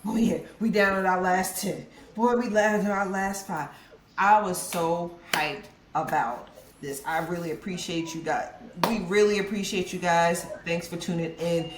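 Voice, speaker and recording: Excited co-host in an echoey room. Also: medium pitch. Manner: excited, drawn-out, slangy. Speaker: podcast co-host. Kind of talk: casual podcast chat. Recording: echoey room with clear noise.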